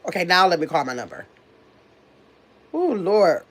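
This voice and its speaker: A woman's voice: on the low side, big pitch swings, moderate pace, fairly bright tone. Chatty woman host reading the live chat. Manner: chatty, distracted, talks to the chat as "y'all". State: recovering from illness. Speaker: livestream host.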